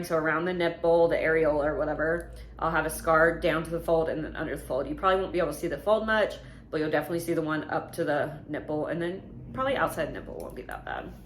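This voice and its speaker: A woman in her 20s chats casually through a Q&A vlog in a low voice, speaking frankly and using lots of fillers. She sounds slightly out of breath, and there's a little hiss or hum.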